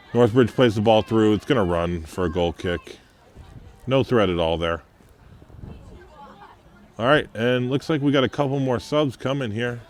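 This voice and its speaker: Man calling a local soccer game. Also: mid-range voice. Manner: conversational, with coaching asides. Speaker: play-by-play commentator. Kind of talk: local sports commentary. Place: high up above a field, outdoors.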